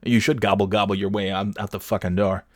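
A man's voice: lowish voice, little pitch movement, quick pace, no echo, studio quality. A man hosting a podcast, rambling through a profane, sarcastic comedic rant. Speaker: podcast host.

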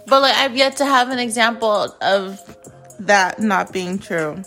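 A woman's voice: medium pitch, normal speed, bright, forceful tone, faint music behind. A young woman from Phoenix hosting a podcast, telling a personal story in a blunt, profane way with lots of "like". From Phoenix, USA. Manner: blunt and profane, heavy use of "like". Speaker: podcast host. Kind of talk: casual storytelling monologue.

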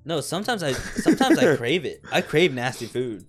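A man's voice: a little high, sing-song, a little fast, slightly rough, faint music behind. A young man co-hosting a casual podcast chat, rambling and joking. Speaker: podcast co-host.

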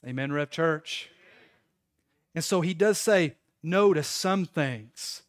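A man's voice: fairly high pitch, slow pace, dry recording, studio quality. A man in his thirties, a pastor, preaching a sermon in a conversational storytelling way to his congregation.

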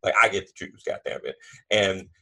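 A man's voice: low-pitched, normal speed. A man hosting a podcast, talking in a casual, emphatic way full of slang and swearing. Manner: animated, emphatic, profane slang. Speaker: podcast host. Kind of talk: casual conversation.

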